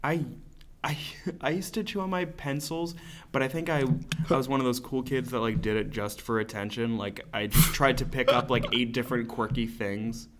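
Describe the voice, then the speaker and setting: A man's voice: medium pitch, fairly even intonation, normal speed, a bit bright, a little hiss or hum. A young man hosting a casual podcast chat, rambling and self-deprecating, laughing often between thoughts. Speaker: podcast host.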